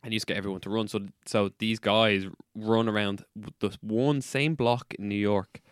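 Young irish guy rambling on a podcast, low smooth voice, dry close mic. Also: steady tone, normal speed, dry recording. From Ireland. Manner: laid-back, rambling and swearing, often laughing. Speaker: podcast co-host. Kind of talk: casual chat.

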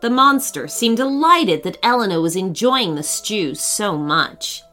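A woman narrating a children's story in a gentle, expressive reading voice. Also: medium pitch, unhurried, soft background music.

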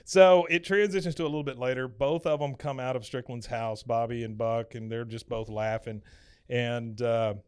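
A man's voice: medium pitch, fairly even intonation, moderate pace, clear, resonant tone. A male podcast host recapping a cartoon episode in a chatty, casual way, often laughing.

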